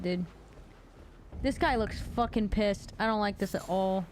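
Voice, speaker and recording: A woman's voice: medium pitch, fairly even intonation, moderate pace, darkish tone, a little hiss or hum. A woman streamer chatting casually while gaming, rambling with lots of "like" and swearing freely. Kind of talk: casual gaming livestream chat.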